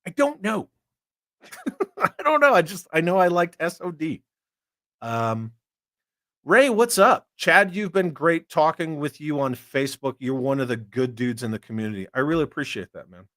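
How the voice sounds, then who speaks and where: An army veteran hosts a toy collecting livestream, chatting casually, joking and swearing as he reads comments. His voice is fairly high and a bit bright, with lively intonation at a moderate pace, recorded in studio quality with no echo.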